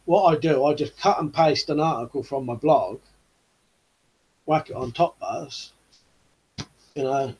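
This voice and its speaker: This UK man hosts a YouTube channel and chats casually on a live stream, rambling along in an easygoing way with plenty of "you know" fillers. His mid-range voice is husky and a touch mellow, and the audio quality is poor.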